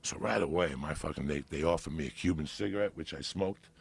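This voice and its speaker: Gravelly, profane New man. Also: extremely low pitch, quick pace. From New Jersey. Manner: animated, profane storyteller. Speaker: podcast guest. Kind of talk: casual storytelling.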